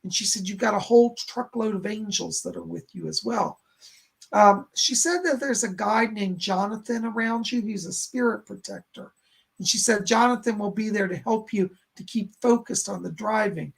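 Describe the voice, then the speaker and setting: Gravelly husky-voiced man giving psychic readings. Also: sits high, moderate pace. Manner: chatty and reassuring, with many "and she said" asides. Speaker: psychic medium hosting a live stream. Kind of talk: casual live-stream readings, relaying messages and reading chat questions aloud.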